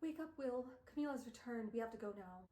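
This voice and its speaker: Woman voicing a dramatic, flirty male warlock, high for a man, roomy echo. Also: expressive, a little fast, mellow, close to an everyday voice. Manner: indignant, theatrical.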